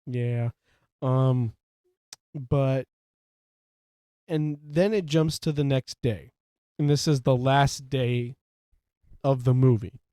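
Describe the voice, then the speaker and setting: A man talks through a movie with a friend, his voice mellow and relaxed. He rambles, stacking filler words as he goes. The sound is dry and close. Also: mid-range voice, slow pace, pauses often, clear, resonant tone, no echo. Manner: rambling, leans heavily on "like" and fillers. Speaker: podcast co-host. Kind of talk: casual film discussion.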